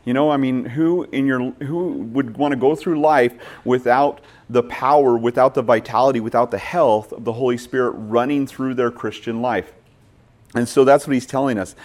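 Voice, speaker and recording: A man's voice: mid-range voice, steady tone, moderate pace, a little mellow. Conversational man preaching a sermon. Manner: conversational storytelling, emphatic. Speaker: pastor.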